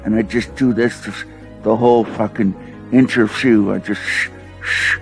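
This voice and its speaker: A man putting on the voice of a mush-mouthed woman podcaster who keeps shushing her guests, in a slow, mocking caricature. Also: lowish voice, steady tone, faint music behind, lightly acted. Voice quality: mushy, lisping delivery with repeated shushing.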